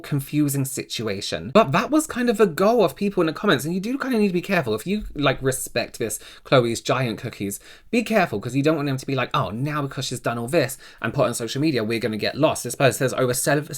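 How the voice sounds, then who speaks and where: A male host commenting on a video in a casual, blunt voice. His pitch swoops widely as he talks, and he swears freely. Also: animated, fast talker, few pauses.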